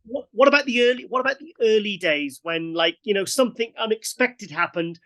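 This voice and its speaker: A man's voice: high-pitched, animated, fairly quick, a bit bright. A man hosting a podcast, asking long rambling questions with many restarts. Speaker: podcast host. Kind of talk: interview questions.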